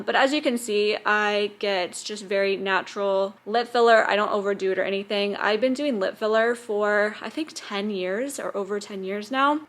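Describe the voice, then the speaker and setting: A woman's voice: medium pitch, fairly bright tone, a little hiss or hum. A woman in her thirties vlogging casually at home, chatty and open, her talk full of "like" fillers. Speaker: lifestyle vlogger. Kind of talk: casual vlog talk to camera. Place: at home, indoors.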